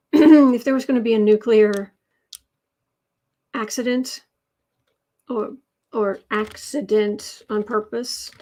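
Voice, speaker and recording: A woman's voice: mid-range voice, a little mellow. A woman hosting a casual livestream tarot reading, chatty and rambling as she reads out viewer comments. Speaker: tarot reader and channel host.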